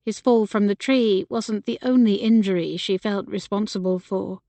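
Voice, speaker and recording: A woman narrating a historical novel as an audiobook in a measured, expressive storytelling style. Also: medium pitch, dry recording.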